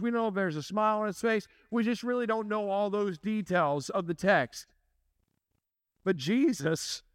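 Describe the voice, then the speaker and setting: A man's voice: high voice, dry recording, studio quality. A man preaching a sermon in a conversational way, asking the congregation questions and joking. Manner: conversational, asks the audience questions, jokes. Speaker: pastor.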